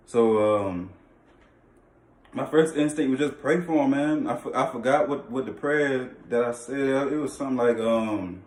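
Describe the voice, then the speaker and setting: A man's voice: mid-range voice, a little slow, darkish tone. A young man telling a personal faith testimony in casual, slangy talk, emphatic and full of repeated phrases and restarts. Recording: echoey room, mic at a distance.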